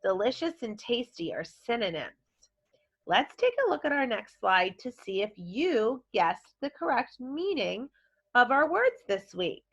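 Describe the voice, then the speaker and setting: A woman teaching a vocabulary lesson to young children, talking slowly with a bright, rising and falling lilt. She encourages her class warmly and keeps things playful. The recording sounds dull and lo-fi. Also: a little high, big pitch swings, slightly rough. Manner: encouraging, models words in playful voices. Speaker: elementary school teacher.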